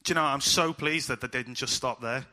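Bright, chatty youth preacher. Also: male voice, mid-range voice, brisk. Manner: chatty, animated, acts out voices in quotes. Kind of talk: casual storytelling sermon to children.

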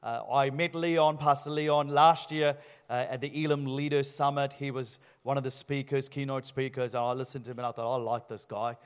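A man's voice: mid-range voice, level tone, moderate pace, clean tone. A man from New Zealand with a Sri Lankan Kiwi accent, a jovial guest preacher giving a sermon. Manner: jovial, playful with the crowd.

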